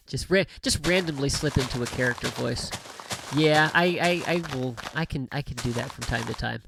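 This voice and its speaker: A man with a gravelly, mid-pitched voice gives casual gameplay commentary, rambling and chuckling as he goes, sometimes dropping to a mutter. Steady background noise and clicking sit behind him. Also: normal speed. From United States. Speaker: gaming livestream host.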